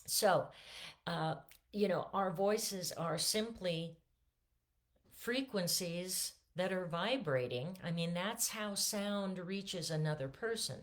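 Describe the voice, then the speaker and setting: A middle-aged woman voice teacher talking casually through a singing lesson, with lots of fillers and restarts. She says her voice is not fully warmed up yet. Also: fairly low pitch, takes it slowly. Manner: relaxed, chatty, many fillers and restarts. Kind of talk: casual vocal lesson with sung demonstrations.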